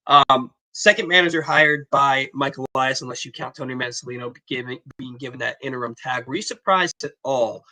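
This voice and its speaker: A man's voice: medium pitch, a little fast, hardly any pauses, bright, forceful tone, poor audio. A man co-hosting a sports podcast, talking casually and with animation.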